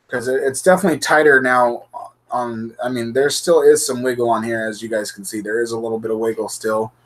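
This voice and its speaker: Male RC show host, mid-pitched, goofy casual stream chat, laughs easily. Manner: goofy, laughing, chatty with viewers.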